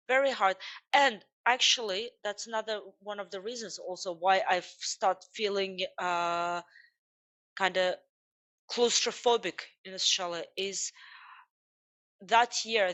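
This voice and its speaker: A woman from Uzbekistan in her thirties, a podcast guest telling her personal story in a candid, lively way, often restarting her sentences and filling pauses. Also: medium pitch. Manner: candid, lively retelling with frequent restarts and fillers.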